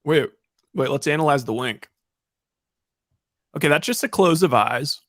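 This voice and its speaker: A man cutting in with teasing asides in a casual sports chat. His voice is a bit high for a man, and the recording is dry and close. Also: expressive, measured pace, fairly bright tone, no room sound. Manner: chatty, teasing, jumps in with asides. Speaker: podcast co-host.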